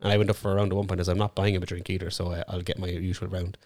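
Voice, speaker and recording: A man's voice: deep voice, level tone, racing, a little mellow, no room sound, studio quality. A young Irish man, a podcast co-host, telling rambling, sweary stories in casual chat.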